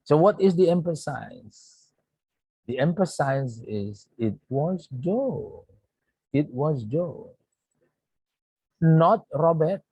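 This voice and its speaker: A man's voice: fairly high pitch, lively intonation, mellow, slightly rough, dry recording, poor audio. A man with an Indonesian accent, a native Indonesian speaker, teaching an English grammar lesson to his students, repeating points and saying "yeah" often. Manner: repetitive, says "yeah" often, slow deliberate explaining. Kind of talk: recorded online grammar lesson.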